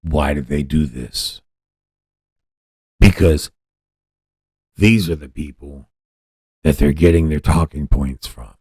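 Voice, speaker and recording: Profane ranting man, very deep voice. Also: slow pace, pauses often, darkish tone, husky, no echo, clean studio sound. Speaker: podcast host. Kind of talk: profane political commentary.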